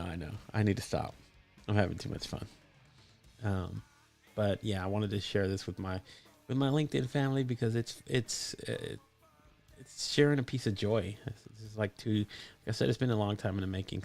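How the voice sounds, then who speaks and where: A man's voice: lowish voice, gravelly, darkish tone. A man hosting a casual live stream, chatty and enthusiastic with many fillers, his mic voice processed for added depth. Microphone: desktop microphone with voice processing.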